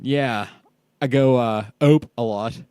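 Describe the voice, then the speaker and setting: A man's voice: medium pitch, animated, unhurried, dry recording. Ohio dad on a podcast, swears a lot, laughs thru his stories, dry close mic. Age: parent of young kids. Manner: profane, storytelling, laughs often. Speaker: podcast co-host. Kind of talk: casual chat.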